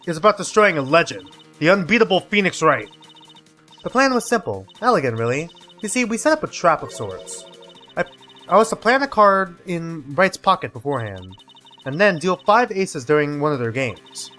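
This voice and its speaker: A man doing a smug card-sharp woman. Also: a little high, big pitch swings, normal speed, faint music behind. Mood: scheming. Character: scheming female card-sharp dealer, smug.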